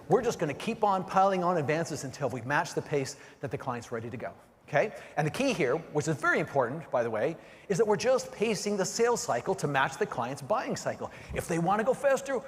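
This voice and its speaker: A middle-aged man giving an energetic keynote on sales, often checking in with the audience by asking "right?" and "okay?". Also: a little high. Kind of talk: motivational keynote presentation. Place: large conference hall. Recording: long hall reverb.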